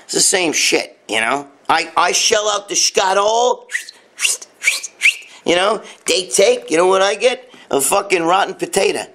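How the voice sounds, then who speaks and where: A man's voice: high-pitched, expressive, measured pace, fairly bright tone. A man in his late fifties hosting a casual live-stream rant, blunt and profane, rambling while answering viewer comments. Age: 50s. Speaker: live show host. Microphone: phone or webcam, live stream.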